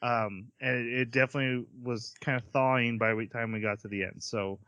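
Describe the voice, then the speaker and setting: A man's voice: medium pitch, fairly even intonation, a little fast, sharp tone, no echo. A man hosting a casual podcast, rambling and restarting his sentences, laughing often. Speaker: podcast host. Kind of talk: casual chat.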